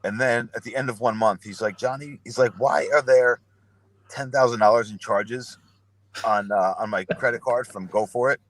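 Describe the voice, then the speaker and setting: With medium pitch, fairly even intonation, and a moderate pace, a young podcast guest tells casual stories that ramble and swear freely. He acts out what people said along the way.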